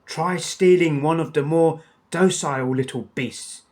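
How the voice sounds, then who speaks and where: A man's voice: a little high, unhurried, a little mellow, voice pushed up, close to an everyday voice. A man voicing a haughty, imperious middle-aged villainess who barks and scolds, in a storybook reading.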